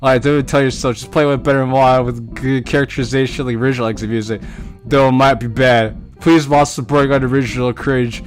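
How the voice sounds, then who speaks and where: A man's voice: mid-range voice, fairly even intonation, brisk. A man streaming a game, reading out comments and reacting with casual, profane commentary and frequent laughter. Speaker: gaming streamer. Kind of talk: casual let's-play commentary. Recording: faint music behind the voice.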